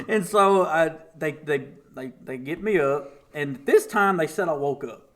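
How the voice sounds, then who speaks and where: A man's voice: on the high side, a little slow. A man, a guest on a podcast, telling a story in casual chat, often laughing and acting out the voices of the people in it. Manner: animated, laughs often while telling stories; acts out voices of people in his stories.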